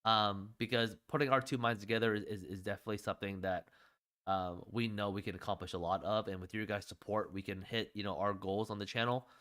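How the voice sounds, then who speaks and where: A man's voice: fairly low pitch, fairly even intonation, fast talker, a bit bright. A man co-hosting a casual livestream show, rambling, often talking to chat and laughing. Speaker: podcast co-host.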